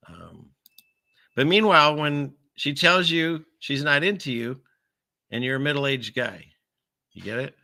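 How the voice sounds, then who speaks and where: A man hosting a show, riffing on the news in a rambling, joking way with sarcastic asides. His voice is very bright and cutting, recorded dry and close with no room sound. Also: a little high, unhurried, long pauses, no room sound. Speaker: show host. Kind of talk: casual news commentary.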